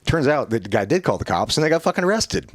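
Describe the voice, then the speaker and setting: A man's voice: on the high side, quick pace, dry recording. A middle-aged man swapping rowdy stories in a casual chat, swearing a lot and laughing as he talks. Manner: profane, animated, laughing while telling stories.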